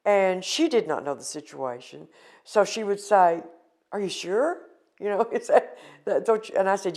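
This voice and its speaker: A woman's voice: medium pitch, animated, normal speed, darkish tone. An older woman from the United States recounting a painful personal experience in an earnest, emotional interview.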